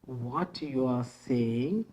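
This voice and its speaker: Slow, repetitive grammar teacher. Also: mid-range voice, dark tone, slightly rough. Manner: patient, repeats each phrase and rule several times; explains step by step with frequent fillers. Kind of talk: classroom grammar lesson at a board.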